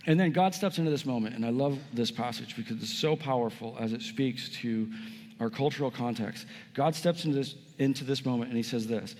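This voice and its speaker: A pastor preaching a sermon with emphatic delivery, swinging between raised and hushed passages. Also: male voice, mid-range voice, brisk. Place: church sanctuary. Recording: long hall reverb.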